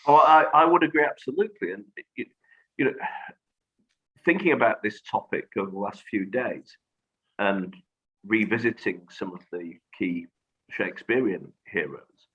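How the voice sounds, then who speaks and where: A man speaking as a guest in a reflective conversation, measured and thoughtful, pausing on fillers. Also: fairly low pitch, expressive, pushed and bright, slightly rough. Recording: dull lo-fi audio.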